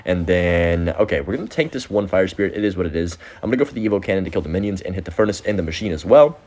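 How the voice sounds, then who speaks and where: A young man giving casual, excitable commentary over his own gameplay, with sudden high-pitched outbursts. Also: racing. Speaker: gaming video host.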